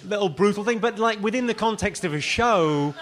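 A man's voice: high voice, lively intonation, a little fast, fairly bright tone. A middle-aged British man, a comedian chatting as a podcast guest in a wry, self-mocking way. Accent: British English. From United Kingdom. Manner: wry, self-mocking, laughs at his own lines. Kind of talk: casual podcast chat.

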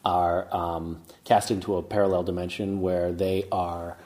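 A man with a fairly low voice talks easily in a casual interview, poking fun at himself as he goes. He fills gaps with ums and uhs and often restarts a thought mid-sentence. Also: unhurried. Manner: relaxed, self-mocking, many fillers and restarts. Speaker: actor guest. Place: castle in Scotland.

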